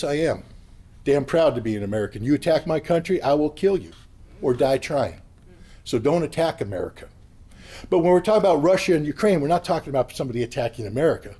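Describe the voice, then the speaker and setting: A man giving an impassioned, blunt political speech at a convention, sometimes rising to a yell. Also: fairly high pitch. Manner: blunt, combative, rising to yelling. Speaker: convention speaker. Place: convention hall.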